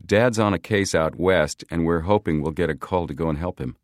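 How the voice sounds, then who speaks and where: A man reading a steady teenage boy detective. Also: sits low, fairly quick, no echo, studio quality, natural voice. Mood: calm.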